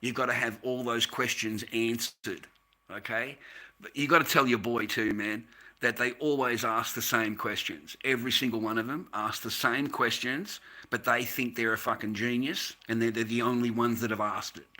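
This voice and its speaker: A man rants on a livestream as its host. His voice is very bright and sharp-edged, and his talk is blunt and full of swearing. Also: medium pitch, steady tone, moderate pace. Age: 50s. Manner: blunt, profane, ranting. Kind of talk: casual livestream rant.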